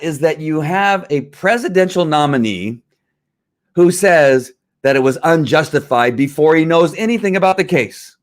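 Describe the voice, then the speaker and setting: Fired-up male podcast host. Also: on the high side. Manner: fired-up, rambling, with frequent restarts. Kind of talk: heated political commentary.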